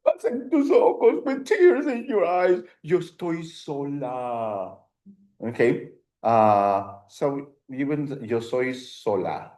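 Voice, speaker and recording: A man's voice: medium pitch, very animated, slow, hardly any pauses, a little mellow. A man teaching an adult language class as the teacher. He is patient, and he stops often to repeat himself and confirm answers. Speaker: Spanish teacher. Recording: echoey room sound.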